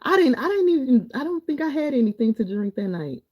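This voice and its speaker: A woman's voice: high-pitched, very animated, a little fast. A middle-aged woman, hosting a live stream, chatting loosely with viewers and reading their comments in an encouraging way. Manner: chatty, warm and encouraging, wanders between topics.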